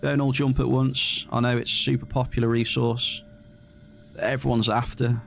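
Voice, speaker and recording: A man's voice: mid-range voice, flat delivery, normal speed, creaky, a little hiss or hum. A man chatting casually with his live-stream viewers as he plays a game, teasing them with dry humor. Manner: dry teasing, banters with chat.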